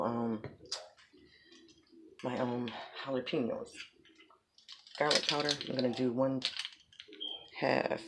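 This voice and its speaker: A woman's voice: a bass voice, gravelly, noisy background. A woman giving a chatty, folksy home cooking tutorial in her kitchen. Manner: chatty, folksy, talks to viewers as y'all. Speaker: home cook.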